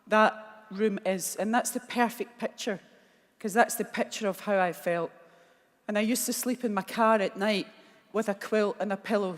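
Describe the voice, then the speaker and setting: A woman with a Glaswegian accent giving a motivational speech, telling a personal story candidly and with emotion. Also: medium pitch. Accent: Scottish, Glaswegian. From Scotland. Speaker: keynote speaker. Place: large conference hall. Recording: long reverb of a large hall.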